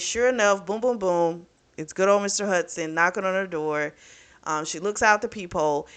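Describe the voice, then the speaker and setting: A woman with a bright, forward voice retells a book's plot in a loose, animated way. She fills her talk with "like" and "you know" and swears freely as she recaps. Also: on the low side. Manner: chatty, profane, animated retelling with lots of fillers. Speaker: book reviewer. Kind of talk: casual book recap.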